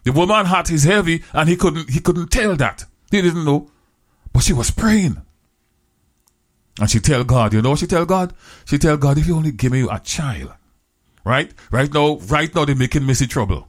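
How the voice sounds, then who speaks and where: A man with an animated, rather high voice preaches a sermon, retelling a Bible story in plain English with a creole flavor. He repeats phrases and draws out scripture quotes slowly.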